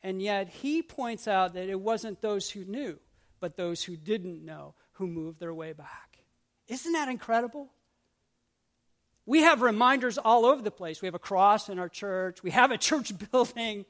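A man preaching a sermon as pastor, swinging from urgent repeated questions to hushed prayerful lines and acting out grumbling voices. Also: sits high, lively intonation, a little slow. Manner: acts out grumbling voices with asides.

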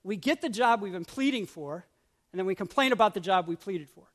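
A man preaching a sermon as pastor, swinging from urgent repeated questions to hushed prayerful lines and acting out grumbling voices. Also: sits high, animated, brisk. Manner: acts out grumbling voices with asides.

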